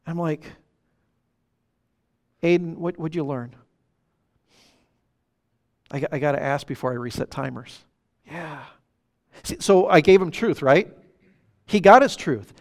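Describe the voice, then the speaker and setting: Guy preaching, pretty high voice, lively storyteller acting out bits. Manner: animated, storytelling with acted quotes. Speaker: pastor. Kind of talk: sermon with personal story.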